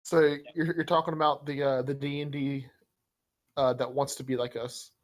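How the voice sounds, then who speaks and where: A man's voice: medium pitch, level tone, moderate pace. A man acting as game master, running a tabletop game with friends in a playful, teasing way.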